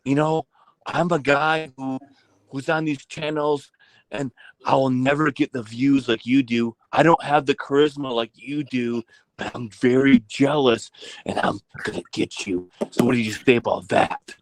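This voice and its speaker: A man's voice: medium pitch, steady tone, measured pace, dry recording, pitched below the performer's own voice, close to an everyday voice, rough recording. A man playing a jealous online rival who whines out sulky threats, without attempting an accent. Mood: whiny menace. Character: jealous small-time male online rival making threats.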